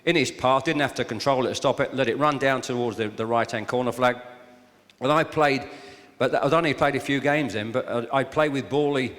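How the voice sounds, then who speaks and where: A man's voice: medium pitch, a little fast, a bit bright. An older man with a southern English accent, giving an anecdotal after-dinner speech and teasing the audience. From southern England. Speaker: guest speaker. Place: function hall with live audience. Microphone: handheld or stand microphone. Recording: long echo of a large hall.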